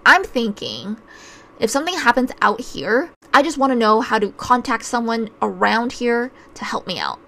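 A fairly high-voiced woman with a gravelly, fry-laden edge tells a personal story in a casual storytime manner. She sounds chatty and wry, and her talk is full of filler words. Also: sing-song, normal speed, bright, forceful tone. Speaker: vlogger telling a travel story.

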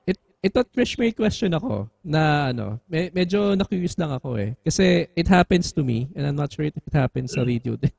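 A man's voice: on the high side, expressive, fairly quick, gravelly, hardly any pauses, a little mellow, slightly rough, dry recording. A man with a Filipino accent, a podcast co-host, asking questions in easygoing chat.

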